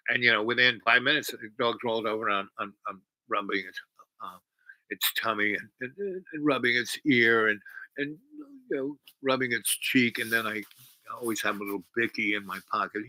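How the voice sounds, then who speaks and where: A man's voice: medium pitch, moderate pace, pushed and bright, no room sound, poor audio. A man hosting a long stream, telling a meandering story full of asides and restarts. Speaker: livestream host. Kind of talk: rambling storytelling.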